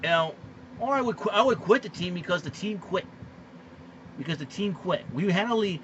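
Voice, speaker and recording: A man ranting in a casual monologue, animated and exasperated, full of fillers and restarts. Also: on the high side, normal speed. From Boston area. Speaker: vlogger. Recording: slightly muffled lo-fi recording with faint background noise.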